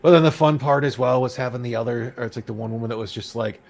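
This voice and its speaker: A man's voice: mid-range voice, fast talker, vocal fry, darkish tone, low-quality recording. A man hosting a casual podcast, talking at length in a mid-range voice. He rants through his points and turns sarcastic whenever he quotes someone else. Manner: ranting, reads out quotes with sarcasm. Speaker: podcast host.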